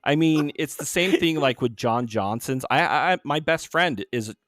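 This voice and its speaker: A man's voice: a little high, expressive, normal speed, fairly bright tone, no room sound. Podcast guy telling a dumb story on himself, stumbles a lot, dry sound. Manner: rambling, self-deprecating, stumbling restarts. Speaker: podcast host. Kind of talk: casual chat, telling a story.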